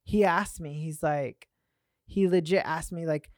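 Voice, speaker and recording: In a podcast studio with clean, studio-quality sound and no room tone, a woman business owner appears as a guest. Her low voice moves at a measured pace as she chats earnestly, using plenty of fillers in casual conversation.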